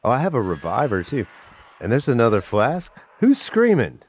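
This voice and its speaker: A young man streams a game with live commentary, muttering profanities to himself, with bursts of exasperation and an occasional cough. His medium-pitched voice swings widely in pitch, and he talks briskly.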